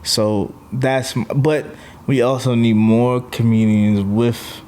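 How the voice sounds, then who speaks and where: A man's voice: medium pitch, steady tone, slow pace, dark tone. A male comedian with a New York accent, chatting casually as a guest and telling blunt stories about his life, laughing as he talks. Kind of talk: casual chat.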